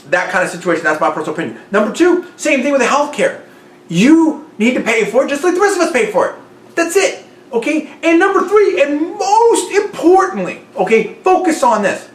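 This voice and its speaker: Emphatic high-voiced male commentator. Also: a bit bright. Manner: emphatic, repeats his points and keeps hedging with "personal opinion". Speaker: host of a political commentary show. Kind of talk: opinionated commentary. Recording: roomy echo.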